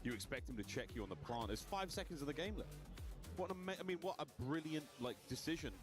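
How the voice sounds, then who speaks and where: Lively, animated male esports caster. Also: fairly high pitch, quick pace, over music. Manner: lively, addresses chat and viewers directly. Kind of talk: live esports commentary.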